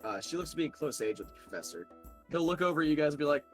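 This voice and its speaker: A man's voice: a little high, very animated, rapid-fire, soft background music. A man narrating as game master of a tabletop game, loose and filler-heavy.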